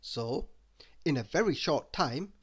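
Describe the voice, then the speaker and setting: A man reading a children's bedtime story aloud, slow and expressive. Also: on the high side, husky.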